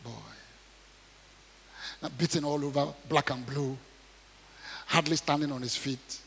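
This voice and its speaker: A man preaching a sermon, reading scripture aloud and commenting on it, swinging between quiet asides and loud acted quotes, often asking the audience questions. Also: a little high, steady tone, unhurried, in a large hall, slight background noise. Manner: asks the audience questions, repeats words.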